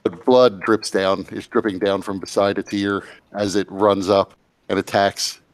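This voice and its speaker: A man narrating and refereeing a tabletop game as game master, in a casual, halting way. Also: fairly low pitch, level tone, no echo.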